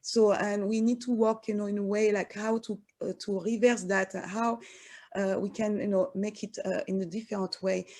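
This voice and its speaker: A French woman speaking English with a strong French accent as a panelist, talking haltingly with many fillers and restarts. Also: medium pitch, little pitch movement, a little mellow. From France. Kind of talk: panel discussion.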